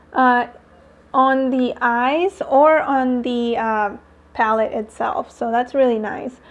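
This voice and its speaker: A woman talking through a casual makeup tutorial at home, chatty, with lots of fillers and little laughs. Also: a little high. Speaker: beauty vlogger. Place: home, airplanes passing nearby.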